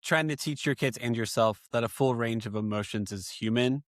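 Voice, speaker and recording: A man's voice: mid-range voice, brisk, no room sound, clean studio sound. A man hosting a podcast about fatherhood, talking reflectively and acting out little quoted moments with his kids. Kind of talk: casual podcast conversation.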